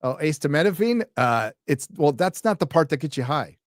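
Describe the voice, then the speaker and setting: A man's voice: fairly high pitch, big pitch swings, a little fast, no room sound. A man from the United States hosting a casual live stream, reading donor messages aloud and answering them with dry jokes. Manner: reads donor messages aloud, wry and joking. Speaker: livestream host reading donations.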